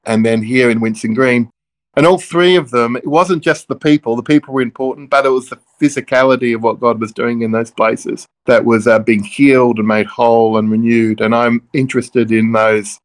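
A man's voice: medium pitch, steady tone, normal speed. Middle-aged guy from melbourne, a minister, chatting loose and easy, keeps drifting off on tangents and joking at his own expense. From Melbourne, Australia. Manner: rambling, wanders off on tangents with self-deprecating jokes. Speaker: interview guest, Church of Christ minister. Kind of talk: relaxed storytelling in conversation.

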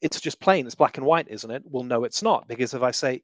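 A man's voice: medium pitch, lively intonation, brisk, no echo, dull audio. A man guest giving conversational theological teaching, emphatic and full of vivid examples with shifting inflection.

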